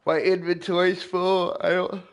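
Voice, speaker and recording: A man's voice: high-pitched, level tone, normal speed. A man co-hosting a podcast, telling stories bluntly and swearing constantly while gaming. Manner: profane, storytelling, blunt. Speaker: podcast co-host. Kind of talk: casual chat while gaming.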